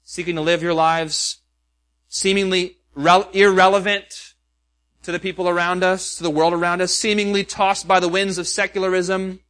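A man's voice: high voice, little pitch movement, brisk, hardly any pauses, a bit bright. A pastor preaching a sermon, earnest and questioning, with many rhetorical questions to his listeners.

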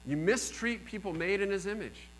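A man over forty preaching a sermon as pastor, swinging between emphatic peaks and low, quiet lines. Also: normal speed, rough recording. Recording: faint mains hum.

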